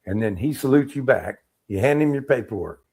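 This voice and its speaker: A middle-aged man, an Army veteran, telling war-era stories in a casual interview, animated and acting out what people said. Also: medium pitch, a little fast, breathy edge. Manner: animated storyteller, acts out quotes, laughs.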